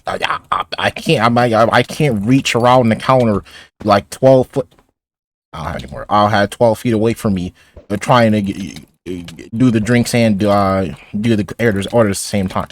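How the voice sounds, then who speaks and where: A teenage boy with a low voice rambles through stories while he plays a game. He restarts his sentences often and drops in sarcastic asides. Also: normal speed. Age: teens. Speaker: gaming YouTuber. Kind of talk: casual commentary over gameplay.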